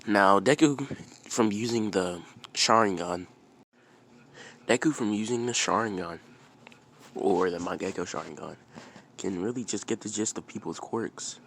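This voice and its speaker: A man's voice: on the low side, a little slow, vocal fry, pauses often, fairly bright tone. A man casually telling a fan-fiction story, rambling and repeating himself as he goes.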